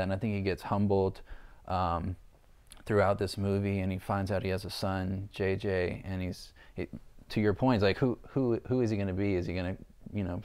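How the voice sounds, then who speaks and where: Thoughtful male actor, deep, smooth voice, reflective rambling. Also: a little mellow. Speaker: actor guest. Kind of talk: interview answer.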